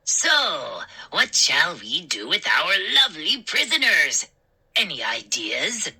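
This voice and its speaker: A woman voicing small, gleeful, mischievous gnomes with shrill, sneering, giggly voices. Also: wildly swooping pitch, slow pace, bright, forceful tone, slightly rough, exaggerated voice.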